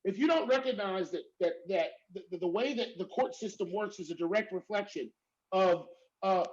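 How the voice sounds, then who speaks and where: A man's voice: high voice, moderate pace. A man speaking as a professor on a panel, talking emphatically and checking in with "right?" again and again. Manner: emphatic, repeats "right?" often. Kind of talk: panel discussion. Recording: dull lo-fi audio.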